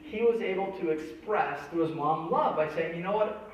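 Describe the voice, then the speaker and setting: A man's voice: high-pitched, animated, normal speed, few pauses, a little hiss or hum. A man preaching a sermon, telling a childhood story and acting out the voices in it. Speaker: pastor. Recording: echoey church hall from a distance, dull sound.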